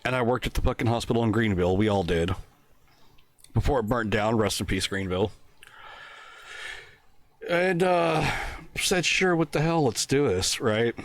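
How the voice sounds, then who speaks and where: A middle-aged man telling a crude story in casual podcast chat, laughing often. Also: medium pitch. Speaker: podcast co-host.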